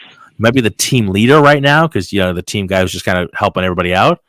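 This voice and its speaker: A man hosting a podcast, telling a story in casual chat, animated and full of fillers and swearing. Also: lowish voice, fast, dry recording. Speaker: podcast host.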